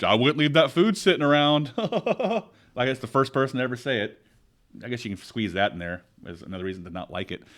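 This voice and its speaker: Animated man ranting on a podcast. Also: mid-range voice. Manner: animated storytelling, rants with emphasis. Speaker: podcast co-host. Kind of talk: casual chat.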